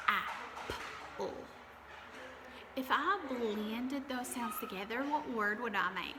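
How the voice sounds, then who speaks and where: Slow, encouraging kindergarten teacher woman. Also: on the high side, noisy background. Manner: slow and drawn out when spelling, encouraging. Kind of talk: slow, clear classroom lesson.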